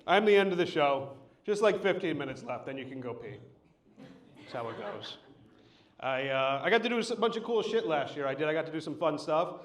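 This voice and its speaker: A man's voice: a little high, animated, a little fast. A man headlining a live stand-up comedy set, telling loose, profane stories into a stage mic. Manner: loose, profane, storytelling delivery. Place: live comedy show at an art venue. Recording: echoey room.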